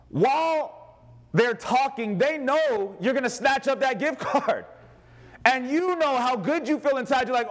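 High-voiced man preaching a sermon. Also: unhurried. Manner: animated preaching, acting out quoted voices. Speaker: pastor. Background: congregation responding.

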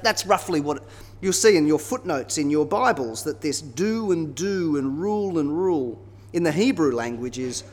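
A man preaching a sermon in a conversational, expressive way, often checking in with tag questions. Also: a little high, moderate pace. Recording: long reverb of a large hall.

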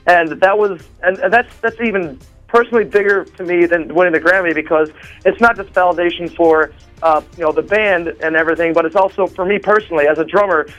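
Brief: high-pitched rambling male guest on a phone call, faint music behind. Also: steady tone, fast talker, fairly bright tone. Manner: rambling, with many fillers and restarts. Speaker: drummer interviewed as a guest. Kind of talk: excited phone interview chat. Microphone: phone line.

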